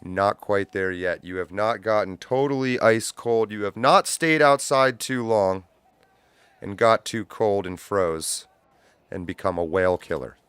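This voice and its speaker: Guy running a livestream, cursing a lot and cracking up, smooth voice, dead dry mic. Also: on the low side, unhurried, no room sound. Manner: loose, profane, laughs loudly. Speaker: livestream host. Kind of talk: casual livestream chat.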